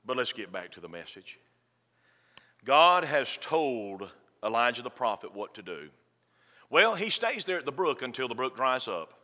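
A pastor with a mid-range voice preaches a sermon in a church sanctuary, very animated, bright and forceful at a normal speed. His delivery is folksy and fervent, and he jokes with the congregation. The recording carries a long church reverb.

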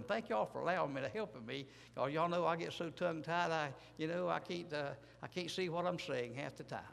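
A man's voice: a little high, gravelly, fairly bright tone. A man preaching a folksy, rambling sermon, humble and self-deprecating, repeating his words as he goes. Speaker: pastor. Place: church. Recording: echoey church hall.

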